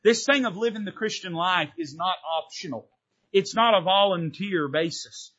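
A pastor preaching a fervent sermon from the pulpit, pushing harder on key points in a folksy style. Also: male voice, fairly high pitch, moderate pace, fairly bright tone, slightly rough. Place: church sanctuary from the pulpit. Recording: dull, lo-fi sermon recording.

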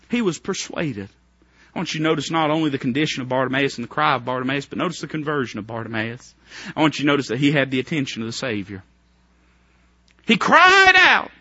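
A man preaching a fervent revival sermon, dropping to a hush and then rising to near shouts, with many rhetorical questions. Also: medium pitch, breathy edge, no echo, dull audio.

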